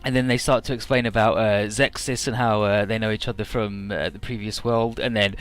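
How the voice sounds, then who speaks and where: A man's voice: fairly low pitch, fairly even intonation, a little fast, fairly bright tone, clear, resonant tone. A man giving crude, joking let's play commentary, rambling as he recaps a game's story. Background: faint game music.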